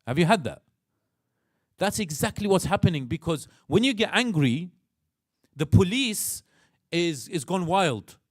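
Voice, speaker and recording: Animated Iraqi-accented man lecturing in a mosque. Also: sits high, a little slow, long pauses, dry recording, clean studio sound. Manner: animated, acts out inner voices, asks the audience questions. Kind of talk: religious lecture.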